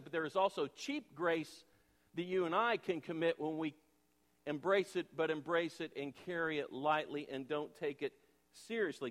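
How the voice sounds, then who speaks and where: A man pastor preaching a sermon, emphatic and full of rhetorical questions, dropping from forceful to hushed. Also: on the high side. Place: church sanctuary. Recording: long reverb of a large church hall.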